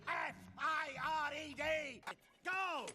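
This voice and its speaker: An actor playing a furious small male chef boss in an animated film, yelling in a shrill voice over film music. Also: takes it slowly.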